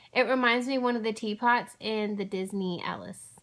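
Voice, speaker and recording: A woman's voice: medium pitch, fairly quick, fairly bright tone. A woman, rambling chattily with lots of fillers as she vlogs about her craft haul. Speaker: flosstube vlogger. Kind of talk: casual chatty haul video.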